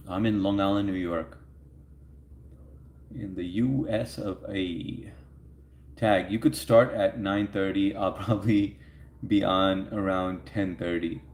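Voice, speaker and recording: Deep-voiced easygoing man streaming live. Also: darkish tone. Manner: chatty, easygoing, laughs often, reads viewer comments aloud. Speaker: livestream host answering chat. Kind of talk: casual chat. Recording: echoey room.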